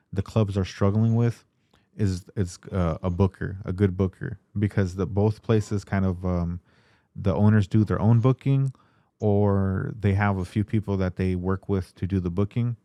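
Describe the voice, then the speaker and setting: Low dark-voiced guy hosting, laid back, dry sound. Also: fairly even intonation, moderate pace, no echo. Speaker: podcast host. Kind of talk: casual chat.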